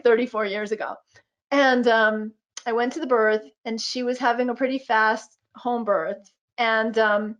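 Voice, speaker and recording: Reflective woman in her fifties, storyteller. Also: a little high. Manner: reflective storytelling with frequent fillers. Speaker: guest physician and midwife. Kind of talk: webinar conversation.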